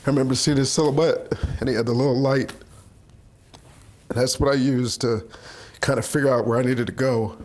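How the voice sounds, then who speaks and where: Quiet male survivor, slow and searching. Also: medium pitch, steady tone, slight background noise. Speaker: survivor interviewee. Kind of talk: interview testimony. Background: music.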